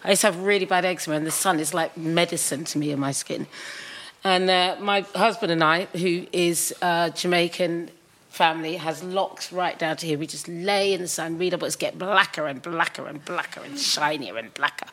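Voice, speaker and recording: A woman's voice: fairly low pitch, fairly even intonation, normal speed, a bit bright. A woman from England telling a bawdy comic story to a live audience, acting out the other people in it. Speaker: panel guest. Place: historic house, live show.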